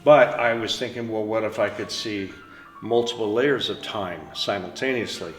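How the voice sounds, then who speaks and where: Painter, male, lowish voice, relaxed storyteller; roomy echo, faint music bed. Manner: unhurried, storytelling, trailing fillers. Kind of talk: reflective studio talk. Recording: echoey room with soft music.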